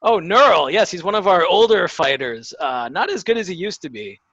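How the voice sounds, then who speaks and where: A man's voice: sits high, animated, moderate pace, fairly bright tone, no room sound, full character voice. Man putting on a showy arena magistrate. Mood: theatrical. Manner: showy, dramatic proclamations. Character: flamboyant male arena magistrate, grand and theatrical. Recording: dull lo-fi sound.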